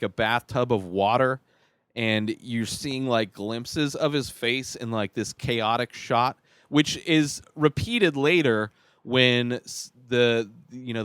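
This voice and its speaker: Male host, mid-pitched smooth voice, dry close sound, rambling critical movie-review chat. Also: a bit bright, no echo. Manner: rambling, halting, many restarts and fillers; exasperated, critical. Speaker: podcast host reviewing a film. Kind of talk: casual spoken movie review.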